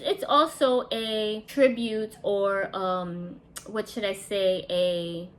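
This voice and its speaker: A woman casually reviewing a classic movie, chatty and enthusiastic, with lots of fillers. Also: medium pitch.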